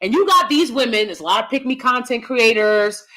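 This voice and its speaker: Woman host, live-stream commentary; bright, edgy tone, blunt and profane delivery. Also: fairly high pitch, lively intonation, moderate pace.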